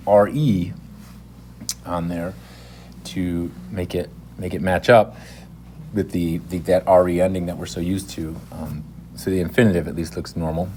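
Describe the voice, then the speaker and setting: A man with a very low voice talks slowly and easily through a language lesson. He rambles, stops to correct himself, and explains things as he goes. Faint ambient sound hums behind him. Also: slight background noise. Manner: relaxed and rambling, with many fillers and self-corrections. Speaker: language teacher. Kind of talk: casual spoken lesson.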